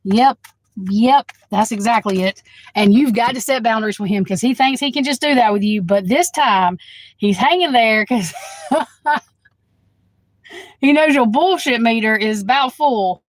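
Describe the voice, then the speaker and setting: Speaking into her phone during a live tarot reading, a woman with a slightly high voice chats frankly with the viewer at a moderate pace, often swearing and laughing. The recording is dry and rough.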